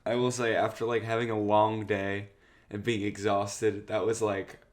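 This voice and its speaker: A man's voice: lowish voice, level tone, normal speed. A young man co-hosting a podcast, tired and easygoing, prompting his partner with questions and short replies. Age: young adult. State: tired, just woke up. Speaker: podcast co-host. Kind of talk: casual chat.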